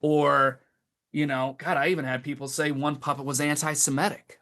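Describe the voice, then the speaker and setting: A man's voice: fairly high pitch, normal speed. Exasperated middle-aged man telling stories. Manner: animated, exasperated storytelling. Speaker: guest, creature puppet maker. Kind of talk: casual podcast conversation.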